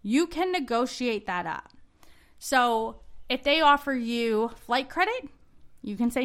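Chatty higher-voiced woman co-host. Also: expressive, measured pace, fairly bright tone. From not from Australia, living there three years. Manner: chatty, storytelling travel tips. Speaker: podcast co-host. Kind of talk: casual chat.

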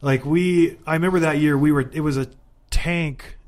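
A man in his thirties, a former hockey player, hosting a podcast in a casual, animated, joking way. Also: on the high side, moderate pace. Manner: animated, joking, self-mocking hype.

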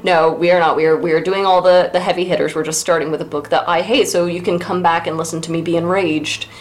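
A woman's voice: fairly low pitch, fairly even intonation, slight background noise. Wry woman co-hosting a podcast. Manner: wry, sardonic, quick asides. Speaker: podcast co-host. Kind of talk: casual chat.

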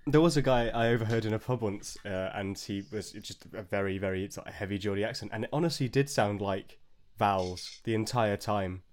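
A man's voice: fairly low pitch, brisk, hardly any pauses. A man hosting a podcast in casual chat, rambling and stammering through his stories. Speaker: podcast host.

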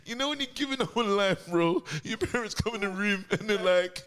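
A man's voice: sits high, brisk. A man, co-hosting a casual podcast, tells a childhood story with lots of laughter and acted-out quotes. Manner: animated, laughs often, acts out quotes. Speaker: podcast co-host.

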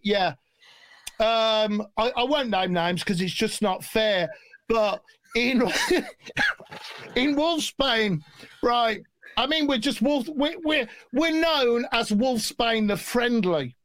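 A man telling stories in a casual interview, animated and jokey, swearing freely. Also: very high-pitched, dry recording. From England. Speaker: guest musician.

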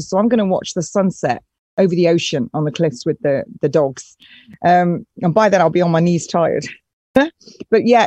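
Lady chatting on a live stream, husky and low, mellow tone, dry sound. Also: no room sound. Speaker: guest, nurse and nutritionist. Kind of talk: live online chat.

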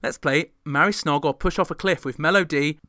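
A man rattles through a scripted pop chart retrospective at a quick clip, dropping sarcastic asides along the way. His voice is bright and fairly high for a man. The recording is close and dry, with no room sound. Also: dry recording. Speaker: podcast host reviewing old pop charts.

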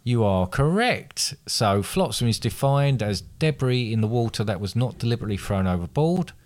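A man's voice: mid-range voice, expressive, normal speed. A man hosting a casual quiz, reading out multiple-choice questions and teasing his guest. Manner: teasing, reads questions aloud with restarts. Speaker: quiz host.

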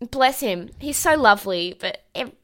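A young woman co-hosting a podcast in loose recap chat. Her voice is bright and forceful, and her talk is sweary and rambling, full of fillers and quick laughs. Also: on the high side, expressive. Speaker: podcast co-host.

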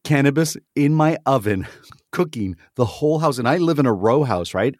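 A man's voice: mid-range voice, expressive, normal speed, darkish tone, dry recording, studio quality. A man co-hosting a podcast in casual chat, talking freely and repeating words as he restarts. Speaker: podcast co-host.

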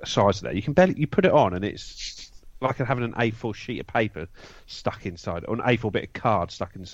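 Opinionated and prone to stumbling restarts, this football podcast co-host shares his views in casual chat. He speaks fairly quickly in a lowish voice with lively intonation, captured in a dry, dull, slightly lo-fi recording.

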